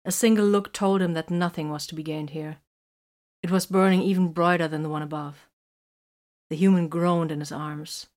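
Low-voiced woman narrating a story. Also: steady tone, normal speed, a little mellow. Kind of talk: scripted narration.

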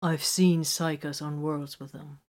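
Woman reader voicing an earnest male sergeant, low voice, slow and deliberate. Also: fairly even intonation, darkish tone. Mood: worried. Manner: measured, deliberate, concerned.

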